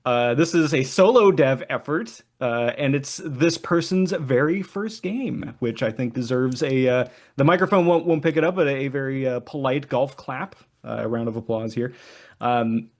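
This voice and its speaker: A man hosting a podcast, playful and hammy, leaning on lots of filler words between jokes. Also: medium pitch. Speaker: podcast host. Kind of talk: casual podcast chat with jokey scripted intro.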